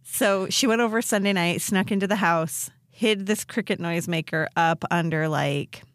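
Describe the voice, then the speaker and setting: A woman co-hosting a podcast in casual chat, telling a story with lively quoted voices. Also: lowish voice, normal speed, dry recording, studio quality. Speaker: podcast co-host.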